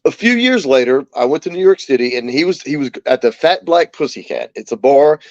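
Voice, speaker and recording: A man in his forties, a talk show guest, telling stories in a casual, lively way and acting out the voices of the people in them. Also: medium pitch, brisk, no room sound, muffled recording. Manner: animated anecdote teller, acts out quoted voices. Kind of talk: casual storytelling.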